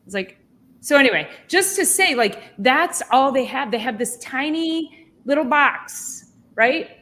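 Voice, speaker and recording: A woman chiropractor hosting a podcast, telling a story in an animated, indignant way with lots of restarts. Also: sits high, unhurried. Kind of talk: casual podcast chat.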